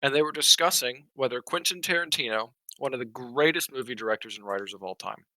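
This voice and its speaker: A man's voice: medium pitch, fast talker, dry recording, rough recording. A young man, a student and podcast cohost, chatting casually and telling a story about a class. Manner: chatty, animated, laughs at the host.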